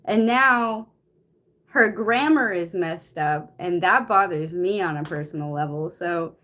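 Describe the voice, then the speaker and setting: A woman's voice: lowish voice, unhurried, sharp tone. A young woman reading a novel aloud on a stream, flustered, swearing casually and out of breath. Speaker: reader.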